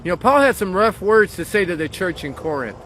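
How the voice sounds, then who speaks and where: A man's voice: high voice, sing-song, fairly quick, fairly bright tone, a little hiss or hum. A man speaking as a pastor in a short devotional message, earnest and encouraging, leaning on key phrases.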